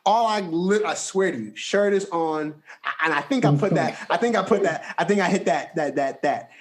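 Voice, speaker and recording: A young man hosting a podcast, telling a story in a casual, animated, slangy way. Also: moderate pace. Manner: animated, slangy storytelling with big pitch jumps. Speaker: podcast host.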